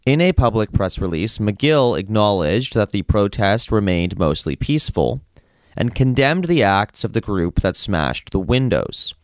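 A man reading a campus radio news report in a steady, measured way. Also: fairly low pitch, no room sound, clean studio sound. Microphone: studio microphone.

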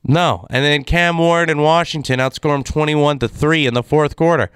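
A man's voice: fairly high pitch, fairly even intonation, normal speed, few pauses, a bit bright, smooth, dry recording, studio quality. Exasperated man ranting. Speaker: sports commentator. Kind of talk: casual sports rant.

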